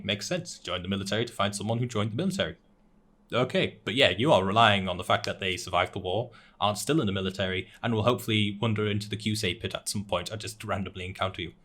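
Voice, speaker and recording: A young man with a fairly low voice chats casually on an anime talk show. He recaps plot points in a loose, rambling way, full of "uh"s and restarts. He often chuckles at his own jokes. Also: fairly bright tone. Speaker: podcast co-host recapping anime episodes. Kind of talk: casual chat.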